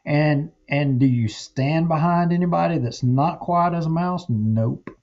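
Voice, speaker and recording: A man's voice: on the high side, unhurried, lo-fi sound. A man co-hosting a political talk show, speaking in a heated, emphatic way and repeating himself. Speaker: podcast co-host.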